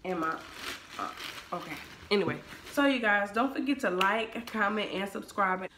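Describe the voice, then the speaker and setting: A woman's voice: mid-range voice, animated, moderate pace, echoey room, noisy background. A woman vlogging casually to camera, chatting in a sassy, emphatic way about a product she bought. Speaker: vlogger reviewing a wig-making canvas head.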